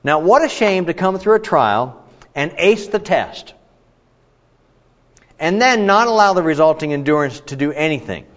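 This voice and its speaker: A man's voice: a little high, animated, moderate pace, pauses often. A man teaching a Bible study in a conversational, emphatic way, often restarting his sentences. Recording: dull audio, long reverb in a hall.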